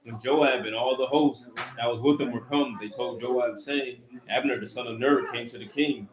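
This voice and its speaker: A man reading Bible passages aloud to a study group in a steady, plain way. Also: mid-range voice, moderate pace, reverberant, crowd noise, poor audio. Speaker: scripture reader.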